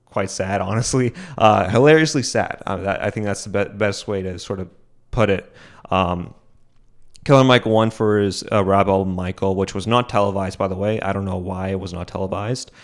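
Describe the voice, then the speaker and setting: Rambling young man hosting a podcast. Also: fairly low pitch. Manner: rambling, many restarts and fillers. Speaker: podcast host. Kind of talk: solo podcast commentary.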